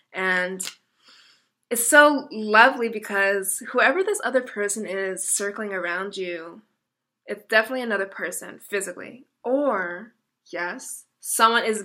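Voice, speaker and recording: Bright-voiced chatty woman tarot reader. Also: medium pitch. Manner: chatty, self-interrupting, emotional. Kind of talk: casual tarot reading video.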